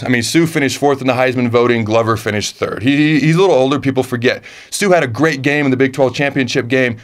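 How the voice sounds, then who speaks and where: Emphatic man answering fan questions. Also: medium pitch. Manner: energetic, emphatic, repeats phrases for punch. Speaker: former football player answering fan questions. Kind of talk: casual chat reading viewer questions.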